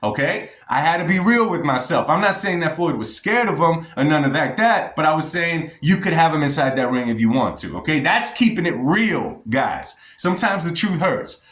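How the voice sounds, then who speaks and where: A man's voice: fairly high pitch, sing-song, normal speed, hardly any pauses, a bit bright. A man giving blunt, emphatic opinions in a commentary vlog, talking straight to his viewers. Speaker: boxing vlogger. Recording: roomy echo.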